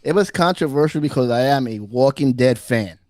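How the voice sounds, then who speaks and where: A man's voice: mid-range voice, lively intonation, a little fast, a little mellow. A man co-hosting a casual podcast, rambling and repeating himself as he laughs through his stories. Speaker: podcast co-host. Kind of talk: casual chat.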